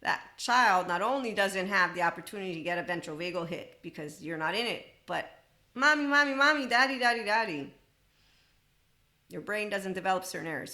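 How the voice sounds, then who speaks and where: Female podcast host, low-set bright voice, blunt, rambling monologue. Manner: blunt, rambling and self-amused. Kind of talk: spiritual self-help monologue.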